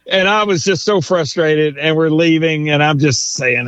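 A man, a lawyer and author, telling animated anecdotes in an interview and chuckling as he goes. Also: on the high side, normal speed, few pauses, clear, resonant tone, dry recording. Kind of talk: storytelling interview. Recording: dull, dry sound.

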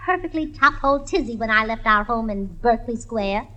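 A woman's voice: a little high, animated, brisk, sharp tone, poor audio. Woman doing a giggly fake-posh Englishwoman. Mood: giddy pretense. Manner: giggly, mangled British slang. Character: scatterbrained American woman faking posh English. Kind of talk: 1940s radio comedy acting. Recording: old radio broadcast recording.

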